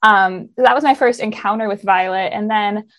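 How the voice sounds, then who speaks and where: A woman in her twenties, a theater student, talking as a podcast guest in a relaxed, conversational way. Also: medium pitch, moderate pace. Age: 20s. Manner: relaxed, conversational, some fillers. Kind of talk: casual interview chat.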